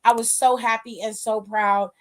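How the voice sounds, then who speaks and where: A woman's voice: a little high, little pitch movement, normal speed. A woman hosting a wrestling aftershow, giving casual, emphatic, profane live-stream commentary and reading viewer comments aloud.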